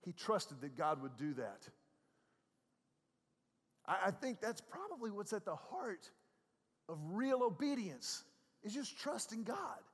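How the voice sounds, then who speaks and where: A man with a high-pitched voice delivers a sermon from a church sanctuary. His speech is conversational, with frequent stammered repeats, and it swings from hushed moments to ringing, emphatic ones. A long reverb trails each phrase through the hall. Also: big pitch swings, slow, pauses often, slightly rough. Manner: conversational, repeats words, swings from soft to loud. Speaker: pastor.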